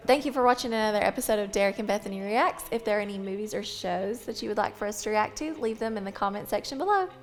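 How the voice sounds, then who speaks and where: A woman's voice: mid-range voice, fast, faint music behind. Woman co-host with short, dry comebacks. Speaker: realtor co-host. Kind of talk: casual reaction chat.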